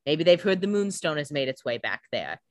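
A woman's voice: deep voice, sing-song, fairly quick, dry recording. A woman co-hosting a podcast, recapping a TV episode in casual, chatty talk full of "like" and the odd swear. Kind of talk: casual chat.

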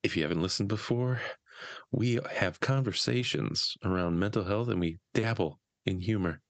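A man's voice: fairly low pitch, moderate pace, no room sound. A man co-hosting a podcast about mental health in casual, jokey chat, a bit stuffy from a slight cold. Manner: jokey, self-deprecating, laughs often. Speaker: podcast co-host.

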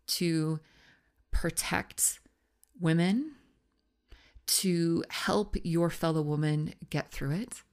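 A woman's voice: lowish voice, a little mellow. A woman hosting a podcast about love, telling a story in an earnest way and repeating phrases for emphasis. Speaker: podcast host, love coach. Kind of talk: podcast monologue.

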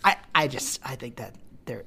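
A woman on a podcast talking casually about a film, halting often with fillers and restarts. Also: very deep voice, lively intonation, gravelly, pushed and bright, breathy edge. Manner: hesitant, many fillers and restarts. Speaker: podcast co-host.

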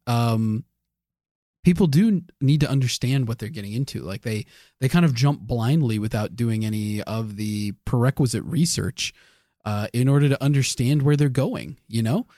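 A man's voice: mid-range voice, dark tone, dry recording, clean studio sound. A man co-hosting a podcast in casual chat, easygoing and agreeable, hedging his points as he talks them through. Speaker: podcast co-host.

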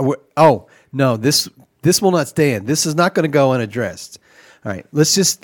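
A man's voice: mid-range voice, no room sound, clean studio sound. Indignant, sputtering comedy podcast host man. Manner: indignant, sputtering, rambling rants.

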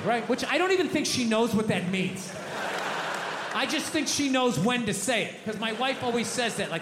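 A man in his thirties doing stand-up storytelling, profane and animated, bursting into shouted rants. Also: sits high, a little fast. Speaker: stand-up comedian. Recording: echoey hall with faint noise.

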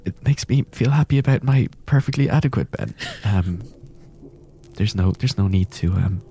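A man hosting a podcast, talking in a hushed, shushing, exasperated whisper as part of a comedy bit. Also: fairly low pitch, animated, normal speed, gravelly. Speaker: podcast host. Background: whale song music.

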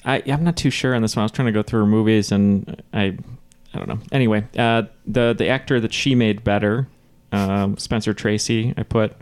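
A man's voice: fairly low pitch, fairly even intonation, moderate pace, hardly any pauses, darkish tone, clean tone. A man in casual podcast banter, hesitantly thinking aloud through trivia answers. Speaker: podcast co-host, contestant.

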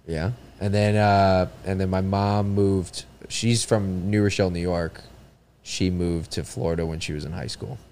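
A man's voice: low voice, darkish tone, a little hiss or hum. A man appearing as a comedian guest on a casual podcast, rambling, joking and swearing freely.

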